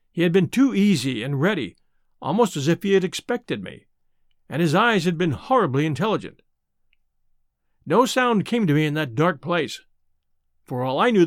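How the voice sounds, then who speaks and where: A man narrating a classic adventure novel in the first person, with measured storytelling. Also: fairly high pitch, no room sound, clean studio sound. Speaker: audiobook narrator.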